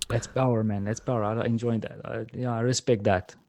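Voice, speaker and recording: A man's voice: medium pitch, steady tone, fairly quick, darkish tone, no echo. A man from South Africa, a podcast guest in casual chat, telling stories in a friendly way and calling the host "man".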